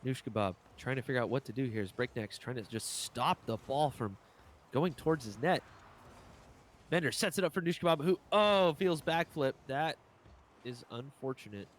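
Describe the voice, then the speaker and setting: A man doing live play-by-play esports commentary, excitable and jokey, his voice jumping up on big plays. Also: moderate pace, slight background noise. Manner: excitable jumps in pitch, jokey asides.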